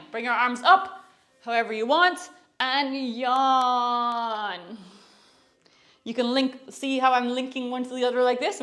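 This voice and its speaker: A young woman with a fairly high voice leads a relaxed movement class. She talks in an easy, encouraging way with soft laughs, a bit out of breath from moving as she goes. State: a little out of breath while moving. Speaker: movement instructor. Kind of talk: guided movement tutorial.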